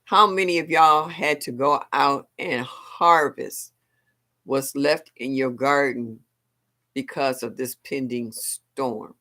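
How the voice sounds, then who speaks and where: A woman's voice: rumbling low, slow pace, sharp tone. An older woman hosting a live stream, chatting casually and exclaiming often, with frequent laughs. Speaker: livestream host.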